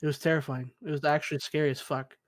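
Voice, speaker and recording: The recording is dry, and the young man on it talks fast in a level, slightly high voice. He's co-hosting a podcast from his basement, chatting loosely, swearing constantly and saying dude to everyone.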